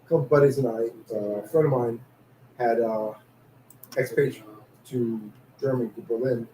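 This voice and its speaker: A man with a New York accent, co-hosting a casual chat and telling animated stories. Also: mid-range voice, normal speed. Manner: storytelling, animated anecdotes. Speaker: podcast co-host. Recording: echoey room with faint background hiss.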